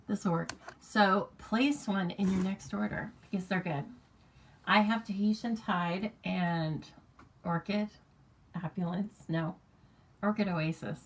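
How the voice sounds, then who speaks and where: An American woman hosting a craft live stream, chatting casually, greeting viewers by name and reading their comments aloud. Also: lowish voice. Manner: chatty and rambling, reads viewer comments aloud, laughs easily. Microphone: camera mic on a live stream.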